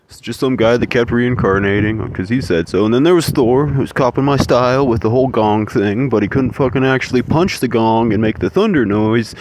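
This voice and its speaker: Profane, ranting man with a lively voice. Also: medium pitch, slight background noise. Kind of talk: rambling monologue.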